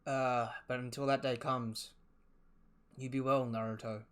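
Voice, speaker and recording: A man reading aloud the lines of a dying male fox spirit, in a calm, matter-of-fact manner. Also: medium pitch, unhurried, smooth, close to an everyday voice. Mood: tender. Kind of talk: reading manga dialogue aloud.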